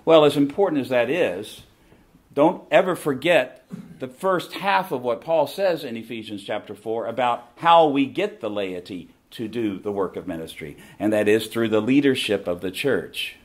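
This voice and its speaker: A man's voice: mid-range voice, lively intonation, moderate pace. A middle-aged man with a Southern American accent, giving an emphatic preaching talk and repeating his key phrases. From southern United States. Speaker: conference speaker.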